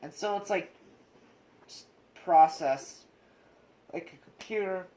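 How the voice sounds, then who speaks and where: Slow, halting young man. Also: high-pitched, warm tone, poor audio. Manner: halting, searching for words, many restarts. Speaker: co-host sharing his experience with autism. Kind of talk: casual chat.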